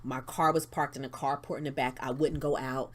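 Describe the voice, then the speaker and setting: Low-voiced woman giving earnest testimony. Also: fairly even intonation, brisk, slight background noise. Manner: earnest, faith-driven storytelling, dropping to a hush at tense moments. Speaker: interview guest, founder of a women's outreach. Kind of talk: personal testimony in an interview.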